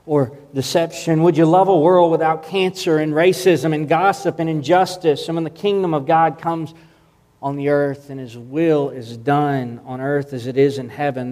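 A man's voice: a little high, darkish tone. Earnest male pastor preaching. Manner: earnest, emphatic, with repeated restarts. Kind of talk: sermon.

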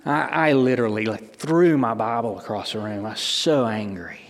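A man's voice: lowish voice, moderate pace, big-room sound. A middle-aged man, a pastor, delivering a sermon emphatically, with rhetorical questions and restarts.

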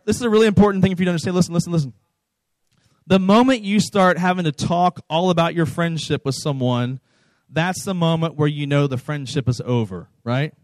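A man's voice: sits high, no room sound, poor audio. A man in his thirties giving a casual, conversational sermon as a pastor, often repeating his words for emphasis.

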